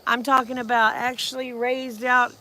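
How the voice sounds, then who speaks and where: A woman's voice: a little high, flat delivery, moderate pace, pushed and bright, slight background noise. A woman, chatting folksily about her farm in a casual storytelling vlog. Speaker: farm vlogger.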